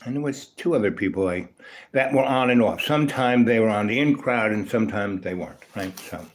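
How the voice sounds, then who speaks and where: A man's voice: lowish voice, brisk. A man hosting a livestream, telling a long rambling story from his school days, peppered with "you know" and "right?". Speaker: livestream host.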